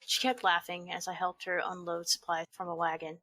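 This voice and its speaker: A woman with a lowish voice reads a clumsy romance story aloud, and her dry delivery keeps the jokes in reach. The sound is close and dry. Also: flat delivery, fairly quick, sharp tone, no room sound. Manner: reads aloud and breaks off laughing at the text. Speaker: fanfiction reader. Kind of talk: comedic dramatic reading.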